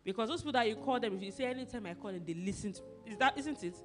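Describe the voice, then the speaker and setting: Woman pastor, lively preacher, acts out arguments, soft music underneath. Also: a little high, racing. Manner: animated, acts out quarrels and asks the congregation questions. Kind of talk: sermon.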